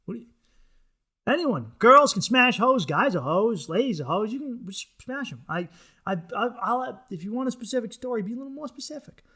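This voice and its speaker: Bright, high-voiced profane comedian man. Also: animated, fairly quick. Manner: crude, rambling, profane. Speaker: podcast host. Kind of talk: comedic monologue.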